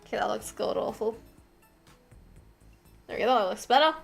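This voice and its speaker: A woman's voice: fairly high pitch, moderate pace, gravelly, husky, soft background music. A young Australian woman chatting casually on a live stream while she draws, swearing freely and muttering to herself.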